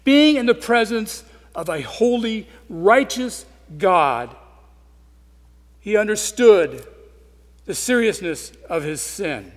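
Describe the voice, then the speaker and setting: A man with a high voice preaches a sermon with earnest intensity. He leans into loud emphasis, then drops to quiet, soft asides. His voice rings with the long reverb of a large hall. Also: expressive, slow.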